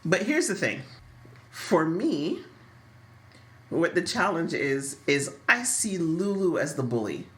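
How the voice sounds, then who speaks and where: A woman co-hosting a podcast in casual chat, thoughtful and expressive as she weighs both sides. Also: on the low side, slow pace. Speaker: podcast co-host.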